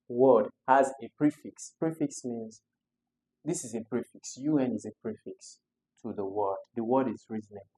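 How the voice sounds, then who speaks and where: A man's voice: medium pitch, warm tone, a little hiss or hum, low-quality recording. A man, tutoring students through English exam questions step by step and repeating the key words.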